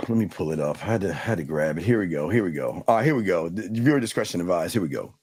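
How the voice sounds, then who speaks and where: A man hosting a casual reaction podcast, talking in a rambling way with halting restarts. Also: deep voice, expressive, a little mellow, husky, dry recording. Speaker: podcast host.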